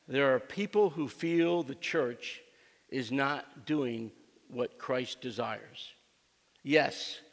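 A man's voice: mid-range voice, vocal fry, a bit bright, in a large hall. A man preaching a sermon as a pastor, mixing a joking personal story with emphatic, repeated lines for his church. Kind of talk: sermon with humorous anecdote. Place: church sanctuary.

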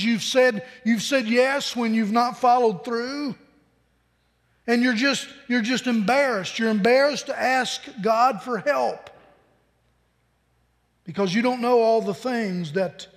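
A pastor with a very high-pitched voice delivers a sermon in plain, conversational language, circling back on his words and repeating them often as he builds each point. His earnest voice rings out with a long hall reverb from a large worship space.

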